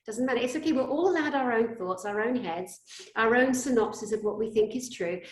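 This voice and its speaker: A woman's voice: fairly high pitch, brisk. A woman hosting a spiritual interview, talking animatedly and acting out stories. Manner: animated, acts out scenes in shouted quotes. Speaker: host. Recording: roomy echo.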